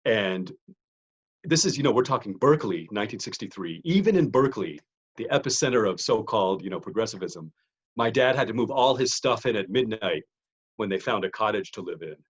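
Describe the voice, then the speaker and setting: A soft-spoken man casually introducing his reading, hesitant with frequent ums. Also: on the low side, animated, brisk, husky. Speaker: poet. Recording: muffled lo-fi sound.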